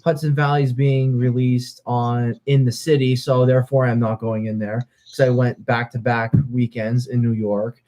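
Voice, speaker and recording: A man's voice: medium pitch, flat delivery, moderate pace, warm tone. A man co-hosting a podcast, easygoing and rambling while making a plug in casual chat. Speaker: podcast co-host.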